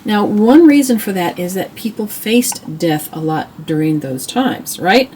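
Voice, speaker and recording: A woman's voice: medium pitch, animated, measured pace, darkish tone, a little hiss or hum. A middle-aged woman hosting a homeschool channel, chatting casually and admiringly as she shows old reading books, with restarts and asides. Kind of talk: casual show-and-tell book review.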